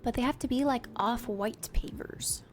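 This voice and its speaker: A woman's voice: fairly high pitch, normal speed, a little mellow. A woman streamer thinking aloud in a casual, playful way while she builds in a game. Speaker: live streamer.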